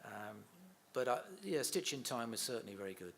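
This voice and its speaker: A man's voice: mid-range voice, expressive, fairly quick, fairly bright tone, a little hiss or hum. Chatty middle-aged man telling anecdotes. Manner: chatty anecdotal storyteller, laughs easily. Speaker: interview guest, son of a comedian. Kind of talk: casual interview chat.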